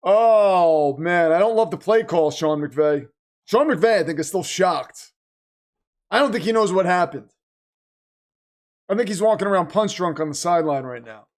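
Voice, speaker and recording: Man, high voice, excitable live stream host, exclaiming, reading chat, voice wearing out. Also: moderate pace, pauses often. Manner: animated, exclaiming, reads chat aloud. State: losing his voice. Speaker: livestream host. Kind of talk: excited live game watch-party commentary.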